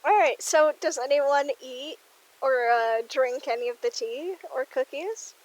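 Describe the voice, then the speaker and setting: A woman's voice: high voice, measured pace, rough recording. A woman running a tabletop role-playing game as game master, talking casually with many fillers.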